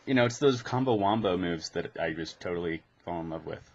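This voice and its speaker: A man's voice: sits low, lively intonation, brisk, lo-fi sound. A man chatting on a podcast, telling stories with geeky enthusiasm. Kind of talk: casual chat.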